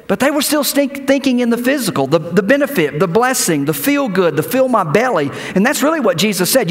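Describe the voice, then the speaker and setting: High, lively-voiced male pastor preaching. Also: fairly quick, few pauses, in a large hall. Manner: animated preaching with repeated words and rhetorical questions. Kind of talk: sermon. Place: church sanctuary.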